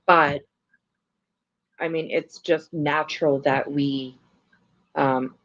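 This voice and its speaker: A woman's voice: sits low, fairly even intonation, takes it slowly, a bit bright. A woman hosting a casual livestream, rambling with many fillers and the odd swear while she comments and reacts. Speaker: livestream host. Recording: lo-fi stream audio.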